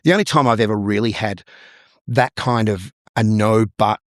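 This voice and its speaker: A man's voice: fairly low pitch, normal speed, dry recording, clean studio sound. A middle-aged Australian man, a musical theatre performer and vocal coach, chatting thoughtfully as an interview guest. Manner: thoughtful storyteller who acts out little dialogues. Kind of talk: casual interview conversation.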